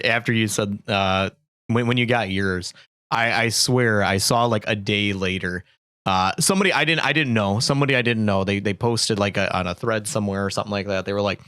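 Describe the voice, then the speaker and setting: A man's voice: on the low side, sharp tone, clear, resonant tone, no echo. A man hosting a casual podcast chat, talking hesitantly with many restarts.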